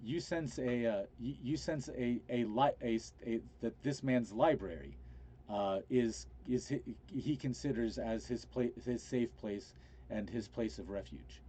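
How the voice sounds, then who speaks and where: Mellow, halting game master man. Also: medium pitch, husky. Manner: halting, many restarts. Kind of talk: narrating a tabletop game. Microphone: online voice call.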